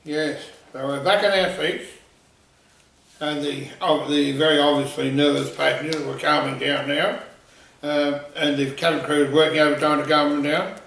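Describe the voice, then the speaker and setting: A man telling a comic anecdote in a rambling, animated way. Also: fairly high pitch, moderate pace, gravelly. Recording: echoey room, voice far from mic.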